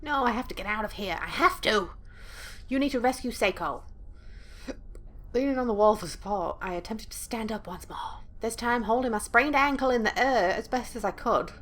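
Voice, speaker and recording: A woman's voice: on the high side, lively intonation, moderate pace, fairly bright tone. A woman playing through a horror game, reading the story aloud dramatically and breaking in with blunt, profane asides. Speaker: let's play gamer.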